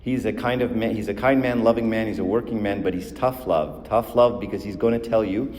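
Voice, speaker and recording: Man with a low voice, echoey hall. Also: steady tone, a little fast, a little mellow. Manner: conversational, keeps asking "right?"; gets heated and emphatic. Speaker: speaker teaching couples. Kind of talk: live talk to an audience. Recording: echoey hall with faint ambience.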